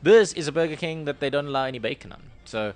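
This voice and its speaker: A man's voice: a little high, expressive, fast, dry recording. A man co-hosting a casual radio chat show, jokey and laughing often. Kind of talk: casual banter.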